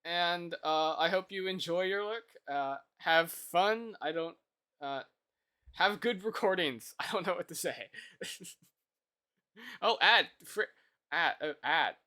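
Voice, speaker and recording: A live streamer greeting viewers and thanking them, humming and mumbling quietly between remarks while coding at a desk mic. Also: mid-range voice, expressive, slow pace. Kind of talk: casual chat while coding.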